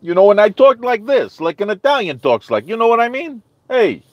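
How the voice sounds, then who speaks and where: A man putting on an exaggerated, brash Italian-American voice, loud and over the top. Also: high-pitched, sing-song, brisk, no room sound, lo-fi sound, voice pushed up. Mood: boisterous.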